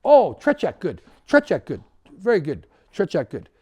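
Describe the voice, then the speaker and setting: A man mimicking a gruff Russian army captain. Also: on the high side, huge pitch swings, moderate pace, a little mellow, pitched above the performer's own voice, full character voice. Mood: approving. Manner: clipped broken English, blunt exclamations.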